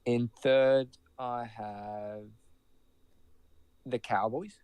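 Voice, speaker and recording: A man's voice: mid-range voice, fairly even intonation, drawn-out words, clean tone, no room sound, phone-quality sound. A man giving his season predictions on a casual podcast, hesitant and full of fillers. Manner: hesitant, lots of fillers and restarts.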